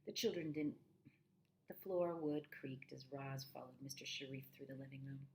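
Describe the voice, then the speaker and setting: Low, gravelly woman reading a storybook aloud. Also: normal speed, slight background noise, poor audio. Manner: expressive, with asides to listeners. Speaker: reader. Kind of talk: reading a children's novel aloud.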